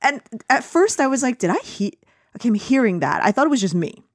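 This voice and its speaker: Talking fast in a slightly high, sing-song voice, an American podcast co-host rants casually about a film she's reviewing, full of fillers and restarts. The audio is studio quality with no echo.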